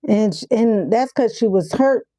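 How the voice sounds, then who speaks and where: A woman hosting a reaction video, pausing the clip and commenting bluntly on it in casual talk. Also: fairly high pitch, mellow, no room sound, clean studio sound. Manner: blunt, talks back to the clip. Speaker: reaction host.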